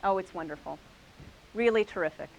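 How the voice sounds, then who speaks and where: A woman's voice: on the low side, a little fast, vocal fry, rough recording. A woman hosting a quilting class, showing quilts to a live group and praising each one with enthusiasm. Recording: faint hiss.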